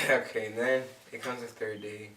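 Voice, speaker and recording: A young man co-hosting a couple's channel, telling their story in a joking, mock-dramatic way, often trailing off softly. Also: mid-range voice, little pitch movement, normal speed, slight background noise. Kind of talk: casual storytelling chat. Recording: echoey room, far from mic.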